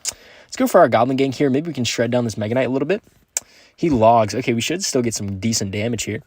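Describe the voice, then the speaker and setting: A man's voice: medium pitch, expressive, fast, darkish tone, no room sound. Laid-back young man streaming a game. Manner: laid-back, upbeat, slangy, talks to chat. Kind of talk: live-stream gameplay commentary and chat reading.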